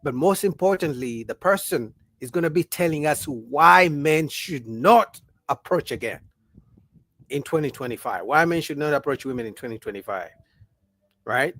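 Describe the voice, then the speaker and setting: Animated man hosting a livestream. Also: on the high side, normal speed. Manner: animated, argumentative, rhetorical questions; reads out viewer chat comments. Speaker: livestream host. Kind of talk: casual livestream talk.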